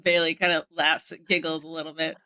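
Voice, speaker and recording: A woman's voice: low voice, level tone, fairly quick, sharp tone. A woman playing a tabletop game, describing what her character does. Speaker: player.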